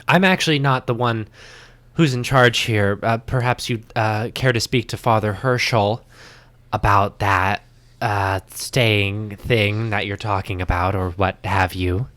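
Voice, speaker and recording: A man's voice: on the low side, fairly even intonation, unhurried, fairly bright tone, dry recording. A man voicing a polite, hesitant young woman at a church, in a nearly everyday voice.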